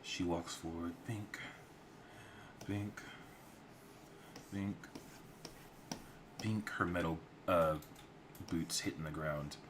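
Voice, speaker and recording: A man's voice: low voice, drawn-out words, pauses often, noisy background. A man streaming his storyboard work, narrating in a casual, rambling way with some swearing.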